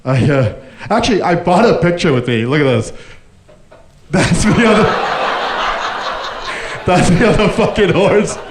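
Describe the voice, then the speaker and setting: A man's voice: sits high, lively intonation, unhurried, pauses often, a little hiss or hum. A man from Canada performing a stand-up comedy set on a club stage into a handheld mic, laughing at his own jokes and swearing freely.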